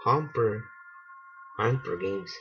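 A man giving casual let's-play commentary, excitable and swearing, laughing at himself. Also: medium pitch, slow pace, slight background noise. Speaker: gaming channel host. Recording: dull lo-fi home mic.

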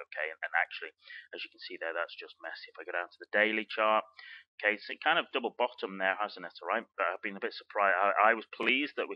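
Fast-talking deep-voiced man. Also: dry recording. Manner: rambling, full of "you know" and "okay?" check-ins. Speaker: forex trading educator. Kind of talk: chart analysis walkthrough. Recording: dull, dry lo-fi recording.

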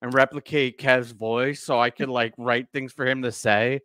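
A man hosting a casual podcast chat, animated and laughing, talking loosely with lots of fillers. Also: mid-range voice, normal speed, smooth, no echo. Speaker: podcast host.

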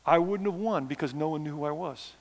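A man's voice: on the high side, brisk, vocal fry, in a large hall, slight background noise. A man preaching a missions sermon, conversational and self-deprecating, with sarcastic asides. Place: church sanctuary.

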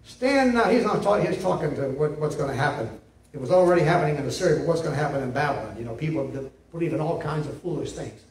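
This male pastor is animated and fast-talking, his voice on the high side and a little mellow, as he delivers a forceful, repetitive sermon punctuated by "see?". A distant mic in a reverberant room captures it with slight hiss or hum.

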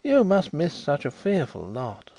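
A man's voice: fairly high pitch, huge pitch swings, a little slow, mellow, no room sound, voice pushed up, exaggerated voice. A man voicing an earnest, slightly flustered middle-aged ex-solicitor turned detective in an audiobook reading.

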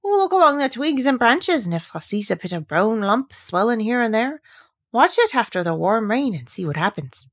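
Lady doing a grumpy old gardener guy, gruff and grumbly, voice bounces up and down. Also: fairly high pitch, big pitch swings, moderate pace, voice pushed up.

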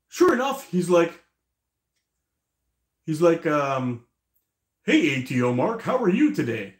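A man's voice: on the high side, reverberant. A man hosting a casual live stream, rambling, laughing often and swearing freely.

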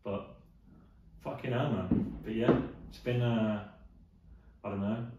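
A man's voice: on the low side, fairly even intonation, takes it slowly, dull audio, very noisy. Young guy, podcast host, sweary storyteller, roomy echo, distant mic. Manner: swearing, storytelling, doing voices of people he quotes. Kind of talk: casual podcast chat. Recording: very echoey room, mic at a distance.

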